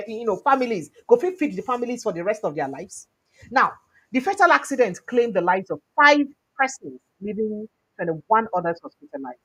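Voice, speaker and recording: Husky Nigerian woman, lively news talk. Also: medium pitch. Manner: animated, mixes pidgin and English, acts out quotes. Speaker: news commentator. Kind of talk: news commentary in Nigerian Pidgin and English.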